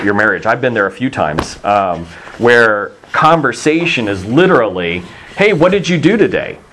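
A man's voice: mid-range voice, fairly bright tone. A middle-aged man from Texas preaching a sermon in a conversational, storytelling way, acting out the voices he quotes.

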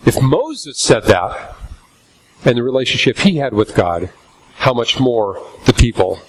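A man preaching a sermon in a church, reading scripture aloud and slowing down for emphasis. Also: mid-range voice, very animated, slight background noise, poor audio. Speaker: pastor.

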